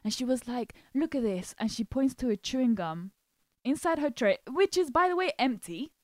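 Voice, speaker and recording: A young woman hosting a podcast, telling work stories in a casual, animated way and acting out what people said. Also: high voice, normal speed, no room sound, clean studio sound. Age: young adult. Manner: animated, acts out quotes, laughs often. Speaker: podcast host. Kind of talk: casual storytelling chat.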